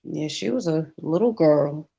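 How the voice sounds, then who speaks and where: A calm, earnest woman co-hosting a casual podcast, her voice very low for a woman. She makes her points steadily and sincerely. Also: a little slow, gravelly, husky, dull audio. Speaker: podcast co-host. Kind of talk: casual chat.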